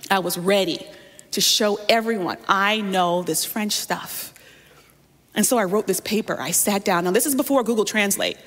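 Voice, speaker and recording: A woman's voice: medium pitch, brisk, big-room sound. A woman pastor preaching a sermon, telling a personal story and often speaking straight to her listeners.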